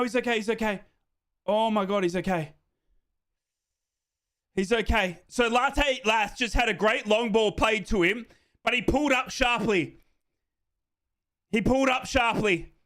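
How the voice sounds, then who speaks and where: Male fan host calling a match live, high bright voice, swings to shouting. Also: normal speed, pauses often. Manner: excitable, bursts into shouting celebrations; reads out viewers' names and answers them. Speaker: host of a live football watchalong.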